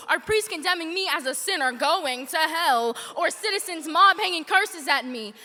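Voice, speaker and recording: A teenage girl delivers slam poetry with fierce passion, dropping to a near hush and then rising to shouts. Her voice sits very high and sounds sharp and bright. The performance rings through a large hall with a long echo. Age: teens. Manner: impassioned, swings from hushed to shouted. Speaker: youth slam poet. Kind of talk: spoken word poetry performance. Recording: reverberant hall.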